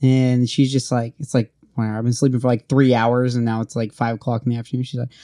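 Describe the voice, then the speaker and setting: A man's voice: medium pitch, little pitch movement, fast, dark tone, dry recording, clean studio sound. A young man from Oregon in casual chat, telling stories in a laid-back, wry way and acting out bits of dialogue.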